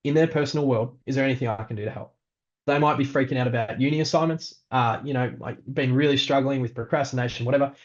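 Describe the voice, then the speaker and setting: A male pastor, giving a practical leadership talk in a relaxed, conversational way with frequent ums. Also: medium pitch, quick pace, dull audio.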